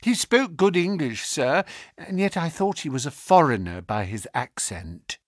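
A man's voice: on the high side, very animated, measured pace, no room sound, studio quality, voice pushed up. A man voicing a respectful, worried middle-aged landlady who answers in a deferential, plain-spoken way, in an audiobook reading.

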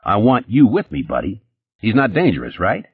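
A blunt, foul-mouthed cop giving orders in a low, husky voice, as a male storyteller plays him. The voice is deep and dry, a touch muffled. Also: wildly swooping pitch, moderate pace, no room sound, full character voice. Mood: gruff. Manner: blunt, profane. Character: blunt, crude middle-aged male police detective, gruff.

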